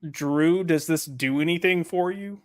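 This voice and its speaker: A man's voice: a little high, unhurried. A man hosting a podcast in casual chat, reading out live chat comments in a loose, rambling way with lots of fillers. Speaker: podcast host.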